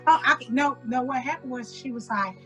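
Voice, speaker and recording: Animated woman co-host, higher-pitched voice. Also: a little fast, soft background music. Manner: animated, acts out quoted dialogue with emphatic rising lines. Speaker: podcast co-host. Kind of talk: casual chat retelling a story.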